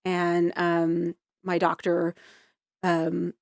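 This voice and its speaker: A woman in her forties, an interview guest, telling her story in a loose, rambling, animated way. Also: lowish voice, very slow, vocal fry, dry recording, clean studio sound. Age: 40s. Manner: rambling, full of "like" and restarts, animated.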